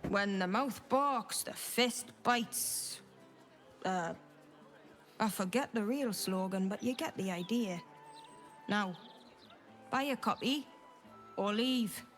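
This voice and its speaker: An actor playing a curt, sardonic male newspaper seller in a fantasy game, gruff and impatient. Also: high voice, slow pace, long pauses, fairly bright tone, soft background music.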